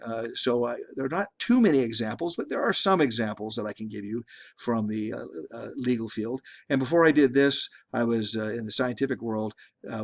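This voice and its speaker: Man, middle-aged, recorded lecture, conversational, frequent restarts. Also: medium pitch. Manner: conversational, repeats and restarts words often. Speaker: statistics instructor.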